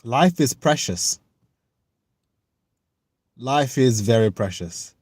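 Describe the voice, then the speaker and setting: A young man from the United Kingdom, chatting live with viewers in an earnest, reflective and halting way as he reads and answers their comments. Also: mid-range voice, lively intonation, a little mellow, husky, no room sound. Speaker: livestreamer.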